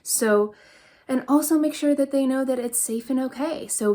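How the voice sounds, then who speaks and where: A woman's voice: sits high, moderate pace, dark tone. A young adult woman, a mother, teaching a parenting workshop on handling anger in an earnest, encouraging way, walking listeners through exercises as she does them. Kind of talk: instructional workshop talk.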